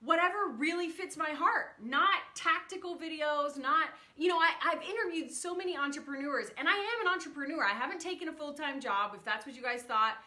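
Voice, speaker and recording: A woman in her thirties talks to her livestream viewers from a room at home, stopping to greet them by name. Her voice sits high and sounds bright and forward, and her talk is open and emotional. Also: a little fast, few pauses. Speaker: livestream host. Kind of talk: casual livestream chat.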